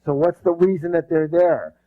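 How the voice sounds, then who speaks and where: Energetic seminar man, muffled recording. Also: on the high side, moderate pace. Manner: energetic, drills the audience with rhetorical questions; emphatic, bursts loud when stressing passion. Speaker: motivational seminar speaker. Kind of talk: live seminar talk with call-and-response. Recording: dull lo-fi recording.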